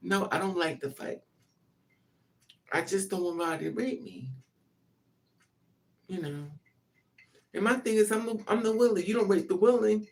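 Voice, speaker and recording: Person ranting through a personal story, middle pitch, swears a lot, gets loud and punchy, mic kinda far off. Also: measured pace, long pauses. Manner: blunt, animated, profane, with loud emphatic bursts. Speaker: vlogger telling a personal story. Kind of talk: casual storytelling monologue.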